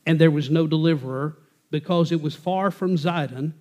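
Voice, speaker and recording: A man leads a Bible class in a relaxed, folksy manner, reading scripture aloud and then explaining it in plain talk. His voice sits somewhat high for a man. He talks easily and conversationally. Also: normal speed. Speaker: Bible teacher. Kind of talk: verse-by-verse Bible teaching.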